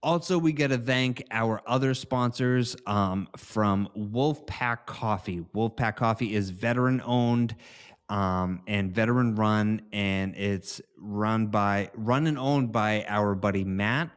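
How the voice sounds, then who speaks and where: A man's voice: lowish voice, slow pace, clear, resonant tone. A man hosting a podcast, reading sponsor spots in a loose, giggly, rambling way. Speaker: podcast host. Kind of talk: casual sponsor read.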